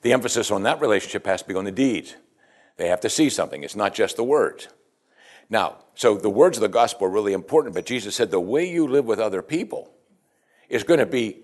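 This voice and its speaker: A man preaching a sermon as pastor in a conversational way, often saying "you see" and restarting his sentences. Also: mid-range voice.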